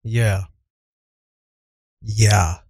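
A man's voice: lowish voice, extremely slow, breathy edge, no room sound. Man telling a story on radio, dry sound. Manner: candid, profane, animated retelling. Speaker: radio show host. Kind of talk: storytelling monologue. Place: radio studio.

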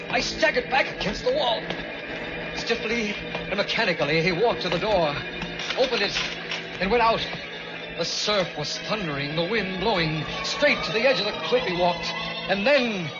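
A man's voice: high-pitched, lively intonation, moderate pace. A man narrating in the first person with a tense, haunted delivery, in an old-time radio drama. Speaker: narrator and lead. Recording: muffled old radio recording with music.

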